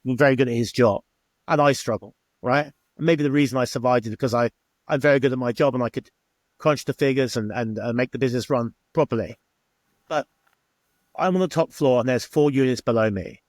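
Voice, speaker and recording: A man's voice: medium pitch, fairly quick, no room sound. Chatty man. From England. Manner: chatty, acts out quoted exchanges. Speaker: former bar owner. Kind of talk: interview storytelling.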